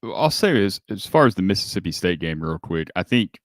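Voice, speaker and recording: A man co-hosting a sports podcast, giving measured, explanatory analysis in casual talk. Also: sits low, very animated, dry recording, clean studio sound. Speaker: podcast co-host.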